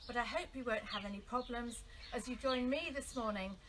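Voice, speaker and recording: A woman's voice: on the high side, fairly quick, a bit bright. A woman vicar leading a children's song time outdoors in a garden, cheerful and sing-song as she calls out to young families. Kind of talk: children's song and story session. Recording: outdoor noise with birdsong. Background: birdsong.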